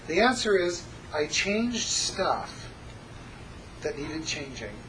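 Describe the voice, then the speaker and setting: Lively male hypnosis instructor, noisy room. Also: fairly high pitch, takes it slowly. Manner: lively, jokey, shifts between loud teaching voice and soft hypnotic delivery. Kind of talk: teaching a class with live demonstration. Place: classroom with students.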